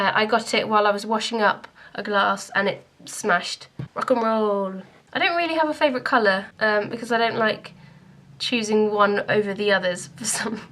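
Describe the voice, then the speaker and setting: A woman's voice: medium pitch, a bit bright. A young woman from Scotland, talking to camera in a chatty, self-deprecating vlog. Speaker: YouTuber.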